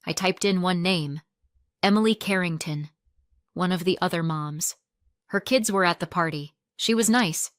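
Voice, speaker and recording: A woman narrating a family story in the first person, restrained and wounded, often flat. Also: on the low side, normal speed, no echo, studio quality.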